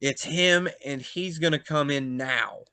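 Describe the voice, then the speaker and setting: A man telling a backstage story in casual chat, animated and swearing, acting out quotes in loud bursts. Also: on the high side, unhurried, smooth, no room sound. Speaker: pro wrestler, podcast guest.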